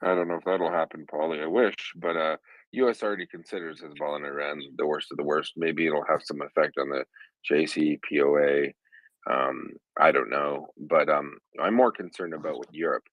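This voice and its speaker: Male host, very low voice, dry close mic, jokey panel-chat manner. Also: fairly even intonation, no echo, muffled recording. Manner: joking, teasing, quick asides. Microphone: online audio room, own mic.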